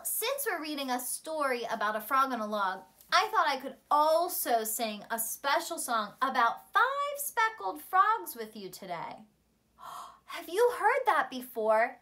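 A primary school teacher with a high, sharp-toned voice encourages young children during a storytime lesson.

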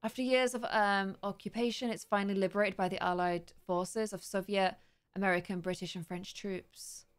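A woman's voice: mid-range voice, fairly even intonation, clear, resonant tone. Young woman host of a gaming channel, mid-range voice, curious think-aloud commentary. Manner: chatty, curious, thinks aloud and reads slowly word by word. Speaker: let's-play host. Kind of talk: gaming commentary, reading game text aloud.

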